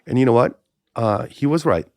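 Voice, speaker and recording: A middle-aged man from Hawaii, a pastor and podcast guest, telling stories in conversation, with quick restarts and repeated phrases. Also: mid-range voice, vocal fry, dry recording. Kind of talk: conversational storytelling interview.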